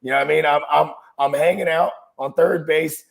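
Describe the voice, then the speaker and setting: A man's voice: fairly high pitch, fairly even intonation, a little fast, gravelly. A man co-hosting a podcast in loose, self-mocking casual chat. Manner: self-deprecating, laughing, loose. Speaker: podcast co-host.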